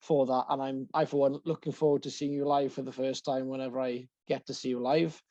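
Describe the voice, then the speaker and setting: A male podcast host wraps up an interview, speaking earnestly and steadily in a mid-range voice that is flat in delivery, brisk, and warm in tone. The recording has a dull, dry lo-fi sound.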